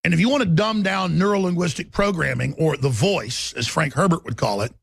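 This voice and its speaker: Brief: gravelly male talk radio host, forceful monologue, sharply shifting pace. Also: fairly high pitch, brisk, dry recording. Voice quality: raspy.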